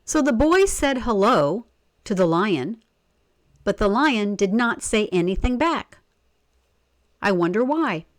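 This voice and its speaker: A woman reads a children's storybook aloud, slowly and with a lively voice that rises and falls a lot. She is expressive and often stops to ask the listener questions. The recording is dry and close. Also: mid-range voice, no echo. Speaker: story reader.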